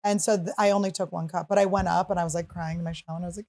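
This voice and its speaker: A woman's voice: on the low side, rapid-fire, vocal fry. Chatty woman podcast host. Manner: chatty, animated storytelling with acted-out quotes. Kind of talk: casual chat.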